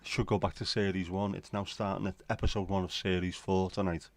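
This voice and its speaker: A middle-aged man from the UK chats loosely through a late-night livestream, musing to himself and his viewers with a wry, offhand manner. His voice sits on the low side, and the sound is dry and close with little room around it. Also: little pitch movement, brisk, no room sound. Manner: rambling, wry, talks to himself. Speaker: livestream host.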